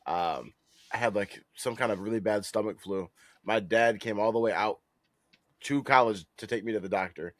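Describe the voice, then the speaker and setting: A man co-hosting a podcast talks loosely and with swearing. He acts out other people's voices in higher, louder tones. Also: moderate pace, dry recording. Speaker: podcast co-host. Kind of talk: casual chat.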